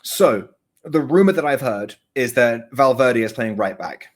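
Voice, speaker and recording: A man's voice: mid-range voice, animated, measured pace. A man co-hosting a casual podcast chat, rambling and correcting himself mid-sentence, often laughing. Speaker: podcast co-host. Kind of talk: casual chat about soccer betting.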